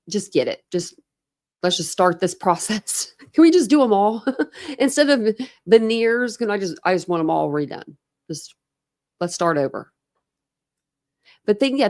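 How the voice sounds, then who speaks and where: A US woman with a mid-range, creaky, slightly mellow voice hosts a home true crime livestream. Using a desk camera setup, she chats loosely with viewers and meanders across topics with laughs and fillers.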